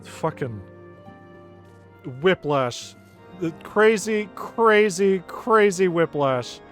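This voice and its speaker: A man's voice: high voice, animated, very slow, fairly bright tone, soft background music. A man streaming a video game, commenting casually with sarcasm and lots of swearing.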